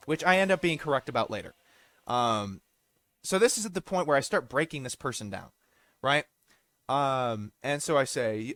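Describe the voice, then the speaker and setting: A man's voice: mid-range voice, animated, normal speed, fairly bright tone, faint music behind. A man commenting over gameplay footage, ranting bluntly, swearing freely and explaining himself at length. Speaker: gaming video creator.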